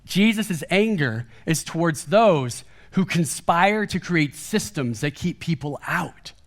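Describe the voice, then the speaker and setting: A man preaching a sermon in a casual, conversational way, animated and acting out quoted lines. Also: a little high, slow pace. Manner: casual and chatty, peppered with "like" and "kind of"; animated, acts out quoted speech with a raised voice. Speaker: guest preacher. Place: church service.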